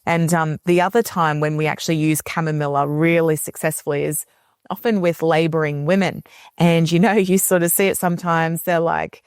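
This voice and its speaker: Low-voiced woman explaining remedies. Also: brisk, smooth, no room sound, studio quality. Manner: animated, acts out quoted voices of kids and parents. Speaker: homeopathy educator, guest. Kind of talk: casual podcast conversation.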